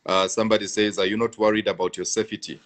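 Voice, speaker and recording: A man's voice: lowish voice, level tone, fast talker, fairly bright tone. A man, a pastor, talking on a live stream and answering viewer comments, repeating himself for emphasis and laughing between points.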